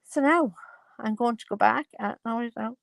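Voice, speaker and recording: A woman in her thirties chats through her opinions, breaking into exclamations and laughs. Her voice has a gravelly edge. The sound is dry and close. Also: fairly high pitch, moderate pace, no room sound. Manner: gossipy, exclaims and laughs often. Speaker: commentary vlogger. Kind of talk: casual chat.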